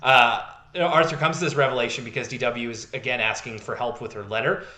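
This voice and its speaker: A man's voice: medium pitch, steady tone, quick pace, sharp tone, reverberant. A man co-hosting a podcast in casual chat, rambling with lots of fillers and laughing easily. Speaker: podcast co-host.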